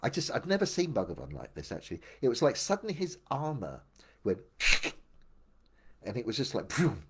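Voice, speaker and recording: An older man with a husky, slightly breathy voice at an ordinary middle pitch. He tells his life story casually, wandering and reflecting as he goes and often circling back to restart a thought. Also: wildly swooping pitch, moderate pace. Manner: meandering, reflective, with many restarts. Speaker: memoir storyteller. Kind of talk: casual first-person storytelling.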